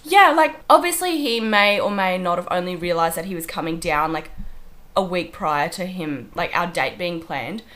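Here the podcast co-host is a young woman with a lowish, slightly bright voice, lively intonation and a moderate pace. She's sick and wheezy but still giggles her way through casual chat and stories.

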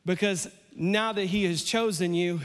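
A man preaching a sermon in a church, playful and animated, his voice climbing almost to a shout as he acts out lines. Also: high-pitched, measured pace, long reverb tail. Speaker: pastor.

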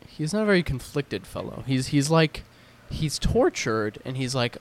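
A young man co-hosting a casual movie podcast, relaxed and agreeable, laughing along. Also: mid-range voice, moderate pace, hardly any pauses. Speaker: podcast co-host. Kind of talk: casual chat about movies.

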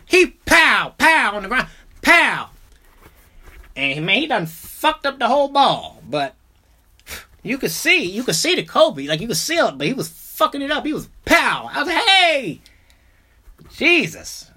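Animated, profane young man telling stories. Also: very high voice, normal speed, breathy edge. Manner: animated, profane, jumps between mumbling asides and loud outbursts. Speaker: podcast host. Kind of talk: casual comedic storytelling.

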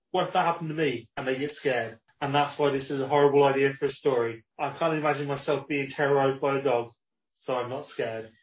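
A man's voice: fairly high pitch, a little hiss or hum. A man hosting a podcast in casual chat, wry and swearing casually as he steers the show. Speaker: podcast host.

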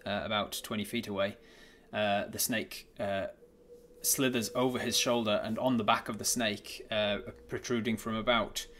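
A man running a tabletop game as its game master. He describes the scene in a low voice. He stumbles often and restarts his sentences, filling gaps with ums and uhs. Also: flat delivery, moderate pace, a bit bright, a little hiss or hum. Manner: hesitant, many fillers and restarts.

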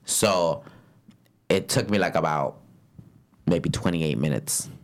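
A young man telling a story in a casual, profane chat, swinging into loud acted-out quotes. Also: sits low, slow. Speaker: podcast co-host and rideshare driver.

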